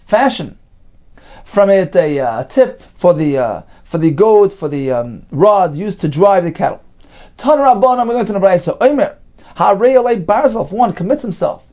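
A man teaching a Talmud lesson, reading phrases and translating them, with many pauses and fillers. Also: sits high, dark tone, highs cut off. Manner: reads Hebrew and Aramaic phrases then translates, many ums and restarts.

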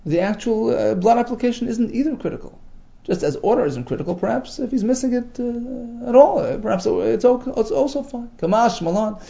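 A man's voice: very high voice, animated, brisk, creaky, warm tone, lo-fi sound. A man giving a Talmud class, reading Aramaic phrases and explaining them in English with emphatic delivery. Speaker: Talmud teacher.

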